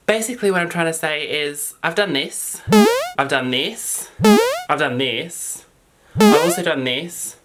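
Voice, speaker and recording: An Australian man chatting excitedly to camera as a makeup vlogger, gushing over products. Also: on the high side. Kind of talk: casual chat to camera.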